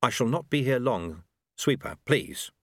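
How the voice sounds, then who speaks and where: A man's voice: medium pitch, sing-song, measured pace, dry recording, clean studio sound. A man voicing an earnest young male monk who speaks urgently and politely.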